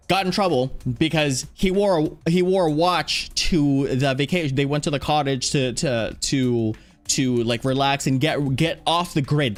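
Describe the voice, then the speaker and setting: A man chatting casually on a livestream, rambling playfully, reading chat aloud and now and then breaking into loud, excited shouts. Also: medium pitch. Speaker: streamer. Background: faint background music.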